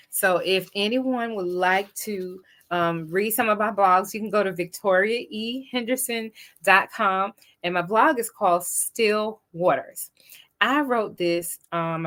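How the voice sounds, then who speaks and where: A woman's voice: medium pitch, fairly bright tone. A woman hosting an inspirational talk show, who reads passages aloud and comments on them. She speaks to viewers in an earnest, encouraging, preacher-like way. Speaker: host.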